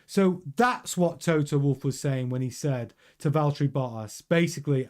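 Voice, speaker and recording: A man's voice: fairly high pitch, normal speed, few pauses, a little mellow. A man hosting a casual news commentary show, chatty and rambling with many restarts and fillers.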